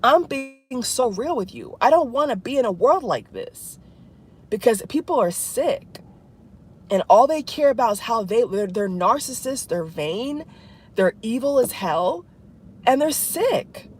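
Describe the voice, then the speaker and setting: Distraught husky-voiced woman vlogging. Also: fairly high pitch, sing-song, darkish tone. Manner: distraught, repetitive, halting. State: tearful. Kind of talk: emotional spiritual vlog.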